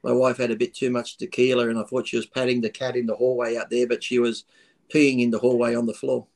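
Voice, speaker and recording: A man's voice: medium pitch, level tone, fast talker, a little mellow, slight background noise. A man guesting on an interview, telling a story in a casual, laughing way with frequent swearing. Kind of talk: casual chat over a call.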